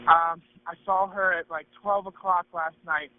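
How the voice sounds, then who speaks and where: A man's voice: sits high, steady tone, slight background noise. Nervous young man on a tinny phone line. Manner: nervous, halting, stumbling restarts. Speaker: caller to emergency line. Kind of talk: emergency phone call. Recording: tinny archived emergency phone call.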